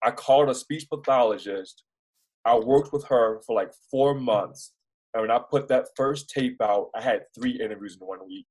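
A young man from Baltimore with a Baltimore accent, a news reporter telling stories as an interview guest in a rambling, animated way with many restarts. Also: medium pitch, normal speed, low-quality recording. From Baltimore, United States. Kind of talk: casual storytelling in an interview.

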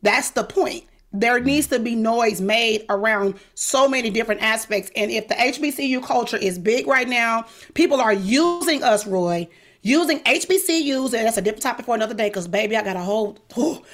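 Emphatic, outspoken woman, high-pitched. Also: a little fast. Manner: emphatic, outspoken, animated with quoted asides. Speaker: podcast host, guest. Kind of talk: candid interview talk.

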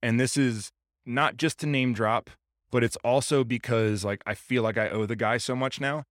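A man talking on a podcast, profane and animated, acting out the people he quotes. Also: medium pitch, normal speed, no room sound, studio quality. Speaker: podcast guest, gym owner. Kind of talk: casual podcast chat.

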